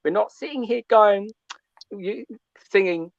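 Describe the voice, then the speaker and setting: A man's voice: sits high, expressive, unhurried, dry recording, dull audio. A man calling in to a fan show, ranting and tagging his points with "yeah?". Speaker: caller. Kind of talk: call-in fan rant.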